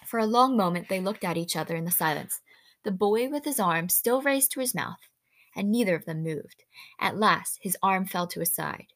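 A woman's voice: mid-range voice, moderate pace. Woman reading a storybook aloud. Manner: expressive, brief asides to the listener, small self-corrections. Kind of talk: reading a children's novel aloud with word explanations.

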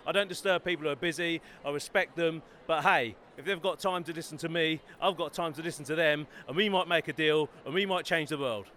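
A man from Bedford talks about his writing in a forceful, bright voice, pitched a little high. He sounds upbeat and eager and keeps plugging his books. A faint hum of traffic sits behind him. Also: brisk, few pauses. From Bedford, England. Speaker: author. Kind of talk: enthusiastic self-promoting interview. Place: busy trade fair hall.

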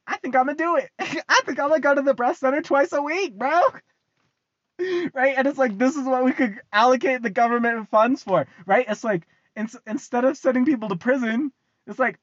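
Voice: sits high, moderate pace, a bit bright, dry recording. A young adult with an American accent, delivering a casual ranting monologue to the camera. They swear freely, repeat phrases for emphasis, and laugh often. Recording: dull, lo-fi, dry sound.

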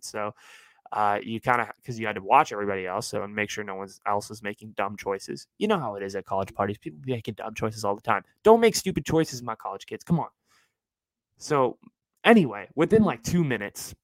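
A man's voice: medium pitch, no room sound, poor audio. Chatty young man telling a story. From California. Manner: animated, chatty, laughs through his story. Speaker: podcast host. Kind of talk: casual storytelling podcast.

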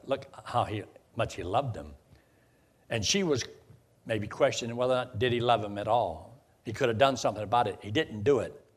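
A man preaching a sermon in a conversational way, building to emphatic bursts. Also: mid-range voice. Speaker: pastor.

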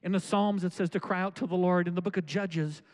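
Pastor guy preaching, really high voice for a man, fervent repetitive praying. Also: fairly even intonation, a little fast, darkish tone. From Florida. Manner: impassioned, repetitive pleading prayer; urges the congregation with calls of "come on". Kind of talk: sermon.

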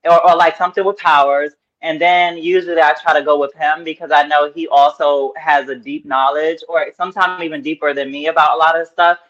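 A woman guest in casual chat, telling stories in an animated way and acting out the people she quotes. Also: low voice, fairly quick, hardly any pauses, dull audio.

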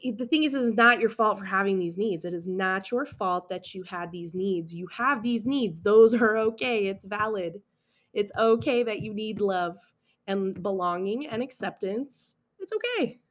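A woman's voice: mid-range voice, a bit bright. A young adult woman hosting a casual solo podcast, talking in an earnest, reassuring way with frequent restarts and asides. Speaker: podcast host.

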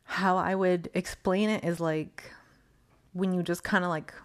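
A woman with a slightly low-pitched voice talks alone as a podcast host. She rambles loosely, full of "um" and "like", and slips into quoted thoughts as she goes. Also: fairly even intonation, unhurried. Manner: rambling, frequent laughs and fillers, acts out quoted thoughts. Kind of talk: casual solo monologue.

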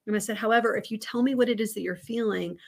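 A woman's voice: medium pitch, fast, creaky. A woman in her thirties, a podcast guest, telling a candid, reflective story about parenting in a casual interview.

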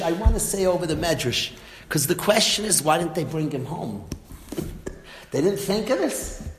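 High-voiced man telling a Torah story. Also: reverberant, big-room sound. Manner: lively storytelling, acts out lines of the story. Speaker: Torah teacher. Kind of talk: animated Torah talk.

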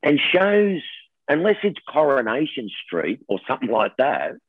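A middle-aged Australian man, a television host, telling stories in a lively casual chat and laughing often. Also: medium pitch, moderate pace, no room sound. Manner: animated storyteller, laughs often, says mate. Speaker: TV host guest. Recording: tinny phone line, dry.

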